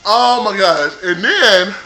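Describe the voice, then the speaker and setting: A man with a high, bright voice rants about television, sassy and heavy with profanity. He talks straight into a computer mic in a loose, animated monologue. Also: takes it slowly, poor audio. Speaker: vlogger reviewing a reality show. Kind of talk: casual ranting review.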